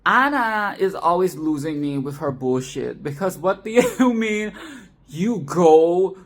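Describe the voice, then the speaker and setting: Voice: mid-range voice, sing-song, measured pace, a bit bright. A host giving a casual, sarcastic film review monologue, chatting loosely, laughing often and swearing freely.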